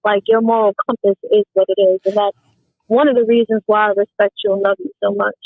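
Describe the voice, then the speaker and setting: A woman's voice: medium pitch, level tone, a little fast, no echo. A woman calling in to a casual chat, speaking earnestly and stumbling over repeated words. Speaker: caller. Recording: tinny phone line.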